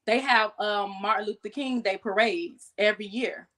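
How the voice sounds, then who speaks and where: A woman, a podcast guest casually telling animated stories about keeping exotic pets and acting out quoted voices. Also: mid-range voice, moderate pace. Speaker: guest, exotic pet keeper. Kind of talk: casual storytelling chat.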